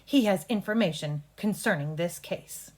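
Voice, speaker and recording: A woman reading as a slow, formal defense attorney. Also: lowish voice, a little mellow, lightly acted. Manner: slow, deliberate, formal courtroom delivery. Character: earnest adult male defense attorney in a courtroom play.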